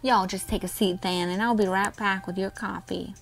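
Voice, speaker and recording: A woman's voice: mid-range voice, fairly even intonation, normal speed, gravelly, soft background music, close to an everyday voice. A woman voicing a friendly young waitress with an attempted Southern drawl, chatty and teasing.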